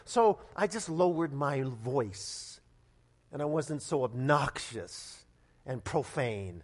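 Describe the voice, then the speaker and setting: A middle-aged man from Nevada, a pastor telling a personal story in a lively sermon, stumbling over restarts and bursting out loud. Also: medium pitch, slow pace, husky. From Nevada, United States. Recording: long hall reverb.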